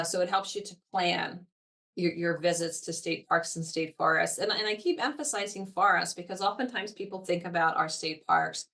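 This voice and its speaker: An eager, talkative woman with a somewhat low voice speaks as a guest in a podcast conversation. She sits a little back from the microphone, so her voice sounds set at a slight distance. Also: fairly bright tone. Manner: eager, talkative, frequent fillers. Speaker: parks foundation representative, guest.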